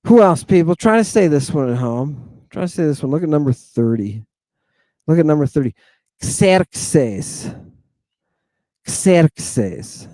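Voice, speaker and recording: A man's voice: a little high, mellow, no room sound. A man giving an informal lecture on ancient Greek words, repeating and drawing out each word and chatting with his listeners. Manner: emphatic, repeats and stretches words slowly.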